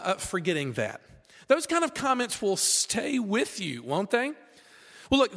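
A man preaching to a hall full of students. His voice sits high and swings widely as he asks rhetorical questions. A long reverb from the hall trails after every phrase. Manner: conversational, animated, rhetorical questions. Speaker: campus preacher. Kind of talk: sermon with scripture reading.

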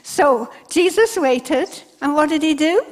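A woman with a high voice preaches a sermon to her congregation. She tells the scripture stories with animation and acts out the lines of the people in them. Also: measured pace. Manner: animated storytelling, acting out quoted speech. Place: church service before a congregation.

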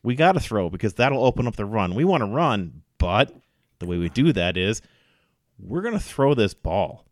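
A man's voice: on the low side, big pitch swings, moderate pace, no echo, studio quality. Chatty man talking football stats. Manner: chatty, analytical, laughs easily, quotes stats. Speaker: sports podcast host. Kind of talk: casual sports chat.

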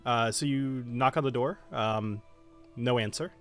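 A man narrating as game master, hesitant and full of pauses and restarts. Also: mid-range voice, soft background music. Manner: hesitant, lots of fillers and restarts.

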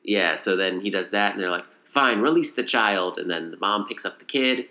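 A man casually recapping a movie in a rambling, animated way. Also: low voice, fairly quick. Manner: rambling, animated retelling with acted quotes. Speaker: podcast co-host.

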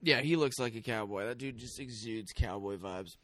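A man hosting a casual podcast chat, easygoing and quick to agree and laugh along. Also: fairly low pitch, fairly bright tone. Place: Sacramento.

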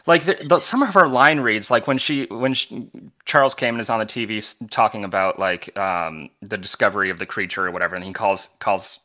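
A man's voice: lowish voice, bright, forceful tone. A man on a film podcast, critiquing a movie in an articulate, casual way. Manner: critical, articulate, quick to mimic lines. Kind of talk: casual film review chat.

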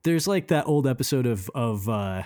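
Male podcast host, medium pitch, chatty and upbeat, dry close sound. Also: lively intonation, darkish tone, no room sound. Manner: upbeat, swears casually, quick to laugh. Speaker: podcast host reviewing music. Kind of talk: casual chat.

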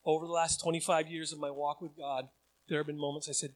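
A male pastor preaching a sermon in a church, acting out desperate cries and then dropping to quiet reflection. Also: fairly high pitch, fast. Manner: animated, acts out pleading cries then drops to quiet reflection.

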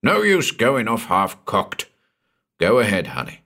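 A man voicing a burly, jovial middle-aged doctor with a booming, hearty voice. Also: huge pitch swings, unhurried, pushed and bright, exaggerated voice. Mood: gruff.

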